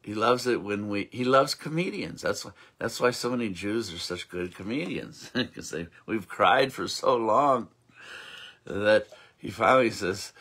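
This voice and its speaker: Give me a slow-talking minister telling a tale with a bright, husky voice. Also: male voice, lowish voice, lively intonation. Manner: dramatic storyteller, rambling asides. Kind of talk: storytelling and preaching.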